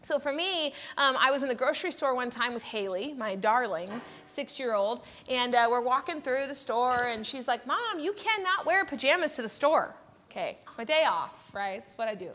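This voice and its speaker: High-voiced animated woman teaching Bible. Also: moderate pace, hardly any pauses. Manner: animated, acts out quoted voices.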